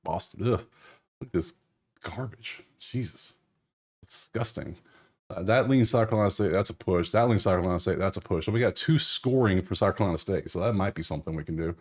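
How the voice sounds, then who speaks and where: A man's voice: sits low, a little fast. A man casually breaking down basketball bets, blunt and sarcastic, muttering as he reads through stats. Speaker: sports betting analyst.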